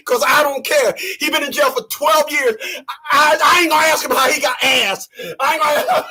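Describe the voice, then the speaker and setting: A man hosting his channel in a profane, emphatic rant, often shouting. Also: very high voice, steady tone, brisk. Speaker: channel host. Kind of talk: ranting commentary.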